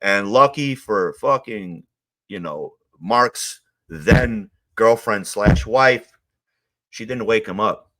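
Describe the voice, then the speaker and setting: A man from Queens, telling stories in a casual interview, animated and acting out the quotes of others. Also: on the low side, slow. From Queens, New York. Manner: animated, acts out quotes, swears. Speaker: guest, former mob associate.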